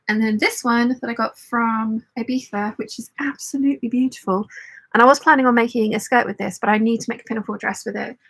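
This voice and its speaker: A woman's voice: a little high, a bit bright, breathy edge, poor audio. A woman hosting a casual sewing live stream, chatting and rambling as she thinks aloud and answering viewer comments. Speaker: sewing channel host.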